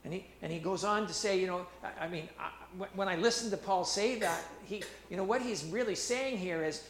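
High-pitched guy preaching, emphatic, repeats himself a lot, echoey church room. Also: brisk, a little hiss or hum. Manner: animated, emphatic preaching with repetitions and restarts. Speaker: pastor. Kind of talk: sermon.

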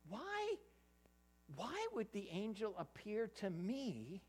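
Lively preacher quizzing the congregation. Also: medium pitch, takes it slowly, breathy edge. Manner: animated, quizzes the audience; stammers and restarts often. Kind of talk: interactive Bible sermon.

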